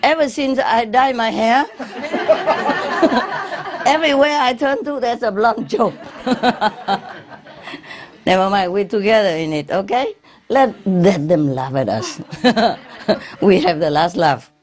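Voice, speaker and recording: A woman's voice: on the high side, animated, slow, pauses often. A woman, a spiritual teacher, telling jokes to a gathering, laughing often and repeating words as she goes.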